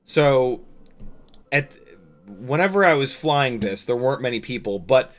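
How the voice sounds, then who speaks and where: A man's voice: mid-range voice, lively intonation, unhurried. A man talking casually on a livestream, rambling over his footage with lots of fillers, restarts and the odd swear. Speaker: drone pilot and streamer.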